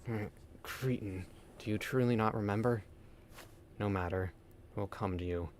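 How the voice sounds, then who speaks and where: A man reading out a weary, dying guardian being in a video game, slow, solemn and subdued. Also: on the low side, a little hiss or hum, natural voice. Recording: game music underneath. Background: game music.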